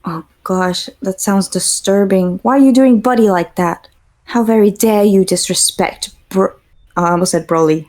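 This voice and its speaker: A woman's voice: mid-range voice, moderate pace, darkish tone. A woman streaming a game, chatting playfully with viewers and improvising silly bits. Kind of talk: casual gaming stream chat.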